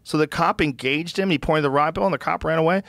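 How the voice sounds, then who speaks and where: A man in casual podcast talk, riffing fast with profane, incredulous energy. His voice sits a little high for a man. The sound is close-miked and dry. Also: gravelly, fairly bright tone, no echo. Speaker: podcast host.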